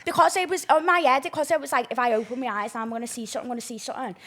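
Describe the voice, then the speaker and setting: A young woman hosting a podcast, telling stories in an animated, sweary, casual way. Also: high-pitched, very fast. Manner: animated storytelling, swears freely. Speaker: podcast host. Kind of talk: casual chat.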